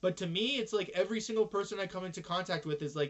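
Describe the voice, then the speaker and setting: A man's voice: high-pitched, fast talker, a bit bright. A man from Canada ranting in a casual, profane monologue about his family. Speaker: influencer. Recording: dull lo-fi recording.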